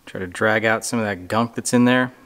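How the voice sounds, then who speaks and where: A man hosting a hands-on repair tutorial, walking through each step in a relaxed way with dry, sarcastic asides. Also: lowish voice, fairly quick, slight background noise. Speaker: DIY motorcycle repair tutorial host. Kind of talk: casual how-to walkthrough.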